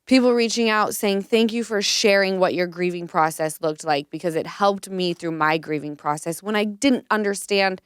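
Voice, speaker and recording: A woman's voice: medium pitch, normal speed, few pauses, smooth, dry recording, clean studio sound. A woman in her thirties hosting a podcast, telling candid stories in casual chat with lots of "like" fillers. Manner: candid, animated storytelling with frequent "like". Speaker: podcast host.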